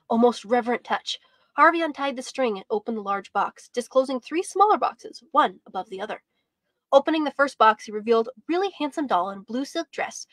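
A woman teacher reads a storybook aloud with an expressive, measured delivery. Her voice sits fairly high. The recording is close and dry. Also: no room sound. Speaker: homeschool teacher.

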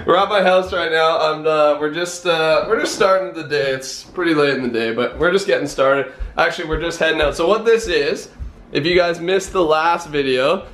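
A young man with a high, light voice chats to his viewers in a casual home vlog. He sounds excitable and a little nervous, laughing between lines and tossing in dude and man. The sound is echoey, as if from a bare room. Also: moderate pace. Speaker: YouTuber host. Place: at home, indoors.

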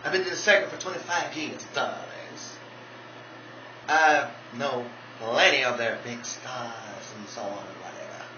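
A man's voice: mid-range voice, unhurried, natural voice. A man voicing a proud, bossy veteran drag mother who drawls and calls people darlings. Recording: dull roomy recording with hiss.

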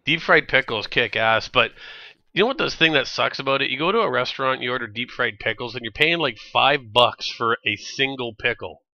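A man with a Canadian accent streaming a video game, chatting in a rambling, jokey way and quick to laugh. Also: medium pitch, vocal fry, sharp tone, dull audio. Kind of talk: casual gameplay chat.

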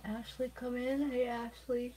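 A middle-aged woman with a higher voice, speaking a little slowly, hosts a craft livestream, chatting casually with viewers as she demonstrates. She's relaxed and talkative and yawns often. The recording is rough, with steady background noise.

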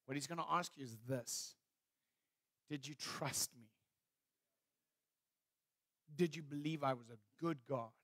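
A man's voice: a little high, measured pace, pauses often, no room sound. A male pastor preaching a sermon, telling stories with humor and acting out scenes. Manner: animated storytelling, acting out scenes; warm humor, laughing at own stories.

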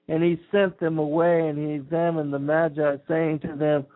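High voiced guy slowly reading old scripture, sounds like a phone line. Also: flat delivery. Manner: slow, measured, archaic phrasing. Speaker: scripture reader.

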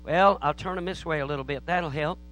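A pastor with a slightly high, somewhat bright voice moves briskly through a sermon full of folksy tales. He tells jokes and performs characters' voices, though the recording sounds poor.

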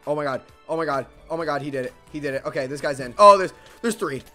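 A young man giving frantic, swearing gameplay commentary as a gaming video creator, swinging between mumbling and yelling. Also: fairly high pitch, fast talker, soft background music.

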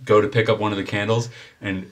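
A man with a slightly low voice runs a tabletop game as game master. He narrates the action energetically, with plenty of fillers. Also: fast talker. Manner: energetic, descriptive, many fillers.

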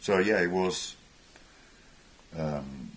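An older man, a musician appearing as a guest on stage, speaks in a low voice and draws out his words. He tells rambling anecdotes, chuckling and acting out voices as he goes.

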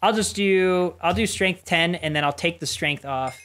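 An adult streamer giving rambling, excitable live commentary while playing game boss fights, with sudden yelps. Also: medium pitch, moderate pace. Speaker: streamer playing community-made game bosses.

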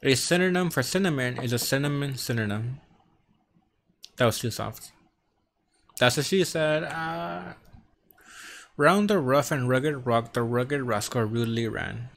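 Wearing earphones in a home room, a man who stutters and lisps films himself working through tongue twisters for his vlog, repeating sounds as he trips up. His medium-pitched voice is gravelly with a fairly bright tone.

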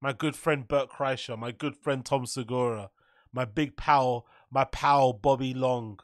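A man's voice: mid-range voice, fairly even intonation, unhurried, no echo, studio quality. A man hosting a casual reaction video, profane and loose, riffing on a clip. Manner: profane, laughs often, riffs loosely.

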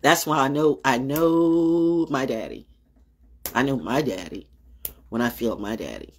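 A woman's voice: extremely low pitch, animated, unhurried, breathy edge. An older woman hosting her own show, delivering a fiery, profane, confrontational monologue. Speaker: show host. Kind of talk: ranting monologue.

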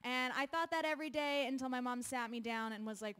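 A woman's voice: high voice, brisk, hardly any pauses, fairly bright tone, a little hiss or hum. A young woman doing a stand-up comedy set on a live stage, chatty and self-deprecating, laughing between her jokes. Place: live venue with an audience.

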